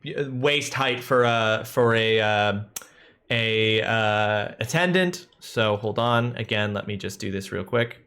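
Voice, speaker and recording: A man's voice: lowish voice, slow pace, pushed and bright. A man narrating as game master in a casual, rambling way with many fillers.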